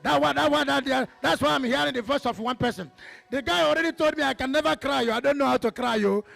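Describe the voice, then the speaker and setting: A man with a Nigerian accent preaching a sermon as pastor, calling out to the congregation and breaking into sudden shouts. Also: very high voice, creaky.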